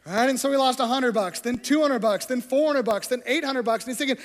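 A man's voice: extremely high pitch, moderate pace, hardly any pauses. A man preaching a sermon as pastor, telling stories and acting out the scenes. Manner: storytelling, acts out scenes. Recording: long hall reverb.

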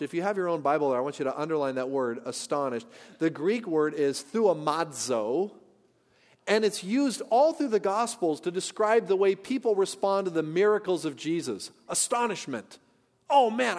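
A high-pitched man preaches to his congregation with earnest, searching questions. His voice swings from loud declarations to hushed asides. A long church reverb trails every phrase. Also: expressive, moderate pace. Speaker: pastor. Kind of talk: sermon. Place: church sanctuary.

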